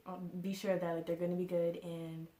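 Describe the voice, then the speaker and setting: A woman's voice: fairly low pitch, flat delivery, brisk, dark tone. Rambling young woman telling a story. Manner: rambling, full of "like" and "you know". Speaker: vlogger. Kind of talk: casual storytime. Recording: echoey room.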